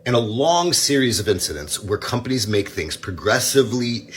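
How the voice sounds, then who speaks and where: A man's voice: medium pitch, expressive, normal speed, a bit bright, breathy edge. A man complaining casually to camera, annoyed, filling his talk with "like".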